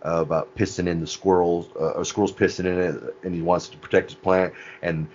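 A man's voice: deep voice, flat delivery, darkish tone, highs cut off, a little hiss or hum. A man in casual podcast chat who swears, laughs a lot and recounts scenes. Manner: laughing, profane, retells scenes by doing quick voices.

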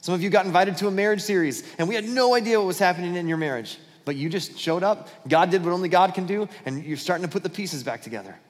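A man's voice: high-pitched, fast, hardly any pauses, in a large hall. A man preaching a sermon as pastor, telling a Bible story with acted-out dialogue and frequent restarts.

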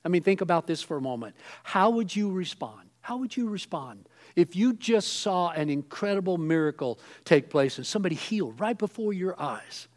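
A middle-aged man pastor delivering an earnest sermon, stressing words and repeating phrases, with dramatic pauses. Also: high voice, lively intonation, a little mellow. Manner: earnest, emphatic preaching with dramatic pauses and repetitions.

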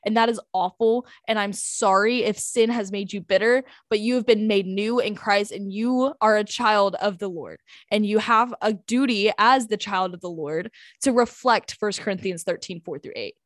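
A woman's voice: medium pitch, normal speed, hardly any pauses, no room sound, studio quality. Earnest, chatty eighteen-year-old woman. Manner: earnest, chatty, with frequent "like" and "um" fillers. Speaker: podcast co-host. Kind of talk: casual faith podcast talk.

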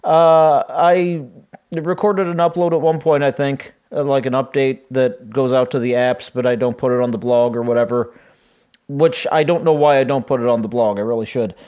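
A man hosting a casual solo podcast, his voice a little raspy and weak after laryngitis, rambling and self-deprecating with many fillers. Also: mid-range voice, steady tone, normal speed, darkish tone, muffled recording. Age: 40s. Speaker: podcast host. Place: home.

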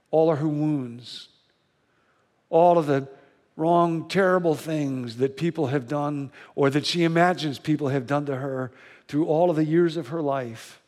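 Earnest preacher echoing through a church. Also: male voice, a little high. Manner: earnest storytelling with slow, emphatic repetition. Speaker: pastor. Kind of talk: sermon. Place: church sanctuary.

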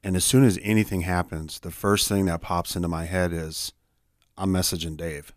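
Deep-voiced man, heartfelt radio guest. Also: level tone, no echo, studio quality. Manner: heartfelt, conversational, quick. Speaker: peer support specialist. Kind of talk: guest telling a personal story. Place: radio studio.

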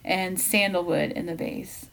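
A woman's voice: on the low side, fairly even intonation, measured pace, gravelly, a bit bright. A woman co-hosting a podcast, chatting casually and rambling, often trailing off and restarting her sentences. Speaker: podcast co-host. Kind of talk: casual chat.

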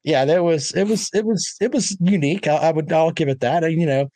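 A man's voice: a little high, a little fast, mellow, no echo. A man co-hosting a casual radio chat, laid-back and self-mocking. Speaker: sports radio co-host.

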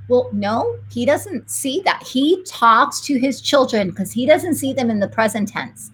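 A woman, a missionary nurse and guest, telling faith stories in conversation, animated and fervent, laughing often. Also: high voice, a little slow, hardly any pauses, slight background noise. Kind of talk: emotional faith storytelling in conversation.

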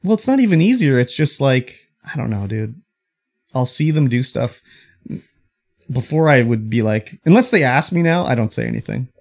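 A man's voice: medium pitch, sing-song, normal speed, darkish tone. A man co-hosting a casual podcast, venting about work in a long rant with casual swearing. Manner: ranting storyteller, acts out quoted coworkers. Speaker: podcast co-host. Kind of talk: casual chat.

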